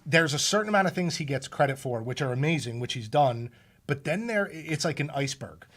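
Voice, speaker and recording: A man who organizes a comic convention, talking in an excited, rambling, emphatic way. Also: on the high side, brisk. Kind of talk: casual chat.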